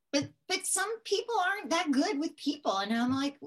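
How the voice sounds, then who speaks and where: Woman guest on a podcast, kinda high voice, animated storytelling, does all the back and forth dialogue. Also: normal speed, few pauses. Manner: animated, persistent, acts out dialogue. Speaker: interview guest. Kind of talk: casual storytelling.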